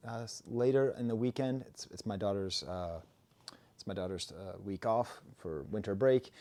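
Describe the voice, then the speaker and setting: A man's voice: on the low side, moderate pace, dark tone. A middle-aged man hosting a record review, chatting casually in a rambling, playful way with fillers and restarts. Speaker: music reviewer host. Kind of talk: casual chat.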